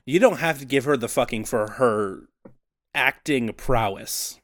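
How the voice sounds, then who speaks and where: A man's voice: medium pitch, a little slow, fairly bright tone, no echo, studio quality. A man co-hosting a podcast, laughing easily and bantering in casual chat. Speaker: podcast co-host.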